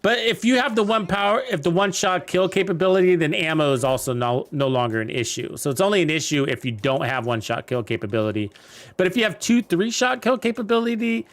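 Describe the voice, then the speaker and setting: A young game streamer with a fairly bright, high-sitting voice rambles casually as he plays, chatting with viewers and using plenty of fillers.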